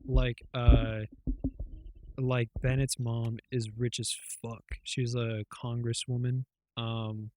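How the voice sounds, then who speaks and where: A man's voice: medium pitch, level tone, slow pace, a little mellow. Rambling man in casual podcast chat. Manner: rambling, loose retelling full of fillers and swearing. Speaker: podcast co-host.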